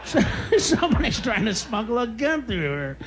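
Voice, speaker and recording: A man tears through a stand-up routine, his voice sitting very high and swinging wildly as he rants. He keeps breaking into shrieking screams. The live stage recording is noisy. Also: sing-song, normal speed. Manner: ranting, bursts into shrieking screams. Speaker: stand-up comedian.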